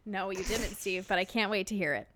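A young woman with a broad Midwestern American accent chats on a podcast, racing through her stories. She talks fast and giggly, with an animated, lively delivery. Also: medium pitch, background noise. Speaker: podcast co-host. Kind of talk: casual chat.

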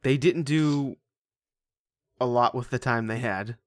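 A man co-hosting a casual chat, ranting and swearing about a film with lively outbursts. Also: mid-range voice, slow pace. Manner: animated, profane, ranting.

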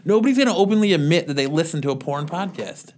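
A man's voice: on the high side, lively intonation, fast, a little mellow, slight background noise. A man co-hosting a casual podcast, joking and laughing as he banters and signs off the show. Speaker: podcast co-host.

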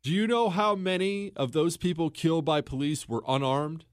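A man's voice: a little high, normal speed, clear, resonant tone, dry recording, studio quality. A man hosting a talk show monologue, telling a story in a conversational way and quizzing listeners with emphatic questions. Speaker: host.

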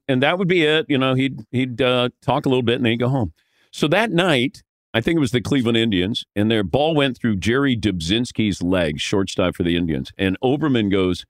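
A man's voice: medium pitch, dry recording. Guy telling stories on a podcast, voice jumps all over, acts out quotes, dry sound. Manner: lively storyteller who acts out quotes. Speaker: guest broadcaster. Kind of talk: animated anecdote telling.

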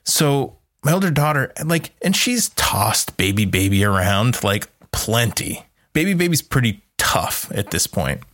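A man's voice: medium pitch, a little slow. A man in his thirties, a podcast co-host, telling a family story in casual chat and acting out quotes. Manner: animated, acts out quotes with a raised voice.

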